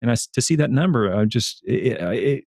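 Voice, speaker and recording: A man who is a turf scientist, talking as a guest on a casual livestream, earnest and animated, often repeating and restarting his words. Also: medium pitch, fairly quick, no room sound, studio quality. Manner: animated storyteller.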